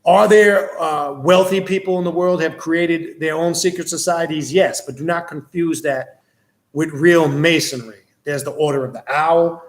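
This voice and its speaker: A man's voice: fairly high pitch, normal speed, reverberant. A man hosting a livestream, reading out and answering viewers' questions in a blunt, casual, profane way and telling stories with plenty of energy. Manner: blunt, profane, animated storytelling.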